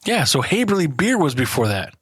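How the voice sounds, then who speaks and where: A man co-hosting a casual beer podcast, his voice rising and falling a lot as he tells stories. His tone is husky, and the sound is dry and close. He curses freely and keeps breaking into laughter. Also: fairly high pitch, fairly quick, no echo. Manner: swears freely, laughs often, animated storytelling. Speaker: podcast co-host. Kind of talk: casual chat over beers.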